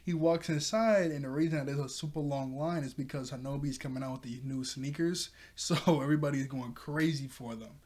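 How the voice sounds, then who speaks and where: A man's voice: steady tone, brisk, hardly any pauses. A man giving a casual review of a cartoon episode, talking in a chatty way with frequent laughs and self-corrections. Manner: chatty, laughs often mid-sentence; jumps higher and louder when quoting characters. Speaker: show reviewer.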